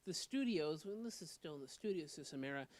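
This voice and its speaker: A man's voice: fairly high pitch, expressive, fairly quick, dry recording. A young man co-hosting a casual podcast chat, talking emphatically, swearing casually and cutting in to make his point. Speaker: podcast co-host.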